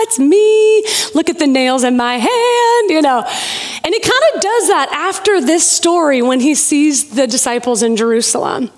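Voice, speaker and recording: A woman in her thirties preaching a sermon, telling personal stories with playful asides. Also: high voice.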